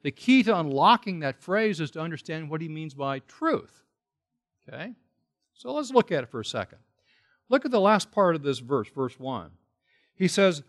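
A man's voice: fairly high pitch, very animated, moderate pace, pauses often. A man preaching an expository Bible sermon, explaining Greek words and stressing his points through repetition and questions to his listeners. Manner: emphatic, repeats key words for stress.

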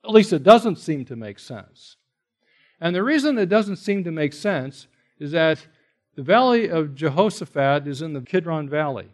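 A man preaching a sermon. He is animated, rising to emphatic when quoting God, and breaks off into conversational asides and rhetorical questions. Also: fairly high pitch, moderate pace.

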